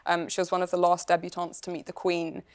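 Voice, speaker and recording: A woman who is an actress, a chat show guest discussing her roles in an animated, thoughtful way with frequent filler words. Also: on the low side, fast, smooth. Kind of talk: casual chat show interview.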